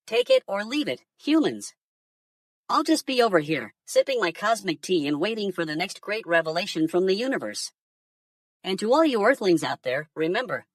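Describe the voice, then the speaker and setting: A woman's voice: on the low side, no room sound, studio quality, recorded from a distance. A woman voicing a crude alien conspiracy theorist who talks down to humans in a profane, mocking rant. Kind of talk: AI-generated news segment.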